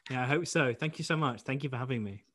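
A man's voice: medium pitch, quick pace, a bit bright, slight background noise. A young man from the UK, a comedian being interviewed, talking casually and rambling with many restarts. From United Kingdom. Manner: rambling, many restarts and fillers, self-deprecating. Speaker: comedian guest.

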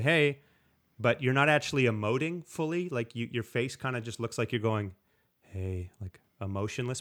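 A man at a middle pitch talking in a relaxed, rambling way about playing guitar. He restarts his sentences often and sometimes acts out little quotes. His delivery is loose and conversational. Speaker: slide guitarist guest. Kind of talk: casual interview talk.

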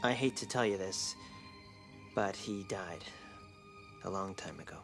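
A man voicing a young adult male lion in an animated film, skeptical and exasperated. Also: sits low, a little slow, soft background music.

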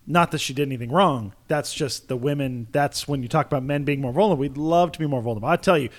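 A man's voice: medium pitch, fast talker. A man chatting casually on a podcast, emphatic and acting out quoted dialogue. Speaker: podcast host. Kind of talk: casual group chat.

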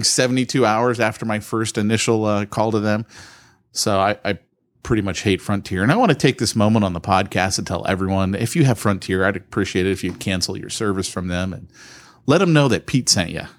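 Man, podcast co-host, casual chat, animated storyteller, studio mic. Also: fairly low pitch, fairly quick. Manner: animated storyteller, acts out phone calls with laughs.

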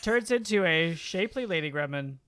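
Lively, excitable podcast co-host. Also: medium pitch, brisk, smooth. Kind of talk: casual chat.

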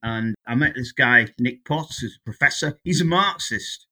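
An English man in his sixties speaks with a strikingly bright, sharp tone. He is a guest economist in a relaxed interview, chatty and full of anecdotes. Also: medium pitch, moderate pace. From England. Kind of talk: casual interview chat.

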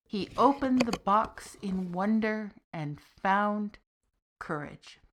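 A woman narrating a fiction podcast in a deliberate, even reading voice with soft, trailing phrase ends. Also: medium pitch.

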